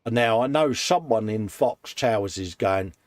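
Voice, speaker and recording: A man's voice: lowish voice, expressive, a little slow, no room sound. A man co-hosting a casual live stream from a hobby workshop, reading out viewer comments and praising model builds in a chatty, upbeat way. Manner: chatty and upbeat, frequent laughs and "mate". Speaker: co-host of a live modelling show.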